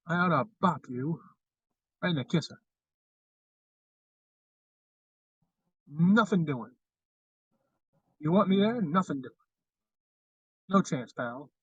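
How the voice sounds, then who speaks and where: A man putting on a fast-talking old-movie tough guy with a Mid-Atlantic lilt. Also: mid-range voice, fairly even intonation, fairly bright tone, slightly rough, dry recording, recorded from a distance, lo-fi sound, pitched below the performer's own voice.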